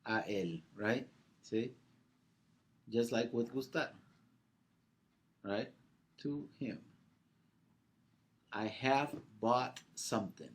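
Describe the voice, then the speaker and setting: A man's voice: medium pitch, extremely slow, long pauses, breathy edge. A man teaching a Spanish grammar class, patiently explaining, quizzing his students and often checking in with "right?".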